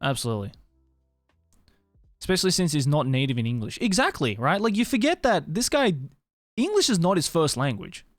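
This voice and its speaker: Tired Australian man, lively voice. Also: a little high, a little fast, long pauses, no room sound, clean studio sound, faint music behind. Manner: rambling, swears casually, answers chat. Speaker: streamer. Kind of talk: casual chat with stream viewers. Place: Tokyo.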